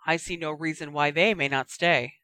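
A brisk, dry-spoken older woman professor, as a narrator puts her on, authoritative and crisp. The voice sits low and the sound is dry and close. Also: fairly even intonation, sharp tone, dry recording. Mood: dry stern.

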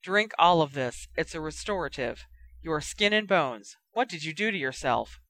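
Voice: medium pitch, lively intonation, normal speed, bright, forceful tone, no room sound. A reader doing a snappish, bossy school nurse. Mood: scolding. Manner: snappish, commanding.

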